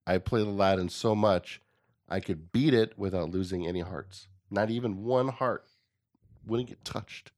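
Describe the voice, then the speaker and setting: Very low-voiced man in casual chat. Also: measured pace, a little mellow. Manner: playful, nostalgic storytelling. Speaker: podcast host.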